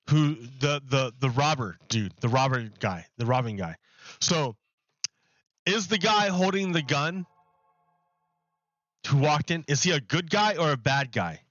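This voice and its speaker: Bright-voiced man rambling on a stream. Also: fairly high pitch, no echo, muffled recording. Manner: rambling, repeats and restarts phrases while building an argument. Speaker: livestreamer. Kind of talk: casual live-stream talk to chat.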